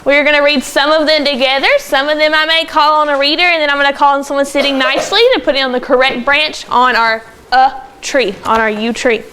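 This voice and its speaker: A woman teaching a second grade phonics lesson in a classroom, brisk and encouraging as she calls on pupils by name. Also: sits high, fairly even intonation, sharp tone, a little hiss or hum. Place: classroom with children.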